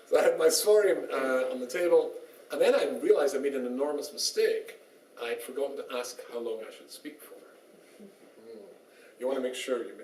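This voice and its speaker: A man, a rabbi, giving a humorous lecture and telling jokes and stories as he goes. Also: medium pitch. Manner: joking storyteller, lively, laughs often. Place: small synagogue lecture room. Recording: roomy, distant, faint background noise.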